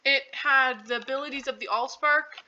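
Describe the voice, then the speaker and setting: A woman with a high, very bright voice talks through a movie recap, rambling from one point to the next. She leans heavily on fillers and "like". The recording is dull and lo-fi. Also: fairly even intonation, normal speed, a little hiss or hum. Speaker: channel host.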